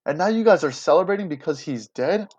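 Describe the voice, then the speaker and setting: An angry Roman official hurls rhetorical questions at a crowd, as a man acts him out. The voice sits a little high and sounds imploring and indignant. The audio is muffled and lo-fi. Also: animated, a little fast, a little mellow.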